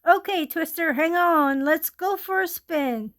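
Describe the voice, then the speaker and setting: A high-voiced young girl, read by a woman storyteller, sounding bright and affectionate toward her dog. Her talk is warm and simple, sometimes softly pleading. It is a plain, everyday read-aloud voice rather than a heavy character voice. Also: a little slow. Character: cheerful young girl, devoted dog owner.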